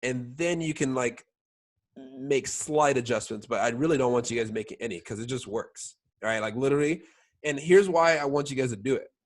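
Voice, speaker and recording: Brisk and medium-pitched, a young man runs an informal training talk for his sales team. Fillers like "like" pile up, and "all right?" check-ins come again and again.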